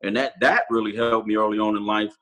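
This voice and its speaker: A man's voice: lowish voice, fairly even intonation, fast talker, pushed and bright, low-quality recording. A Marine sergeant major in his forties, a man telling personal stories candidly and casually, often calling the host brother. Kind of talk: candid conversational storytelling.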